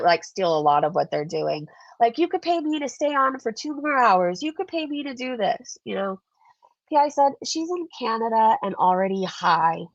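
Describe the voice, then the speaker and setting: This casual commentary vlog features a female channel host going through viewer comments with a chatty, sarcastic edge and frequent laughter. She sounds stuffed up and congested, her voice sits in the mid range, and the audio has no echo but its highs are cut off.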